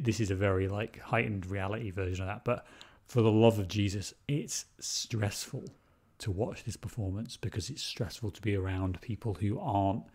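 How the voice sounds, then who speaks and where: A man's voice: fairly low pitch, darkish tone, breathy edge. A man co-hosting a podcast, talking casually about a film, repeating words and swearing freely. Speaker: podcast co-host.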